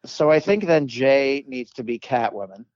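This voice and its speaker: A comedic actor, a man with a mid-range, darkish voice, guests on a chat podcast and tells a long anecdote. He rambles with lots of "like"s and restarts and briefly acts out the voices of people in his story. The recording is close, dry, somewhat dull and lo-fi.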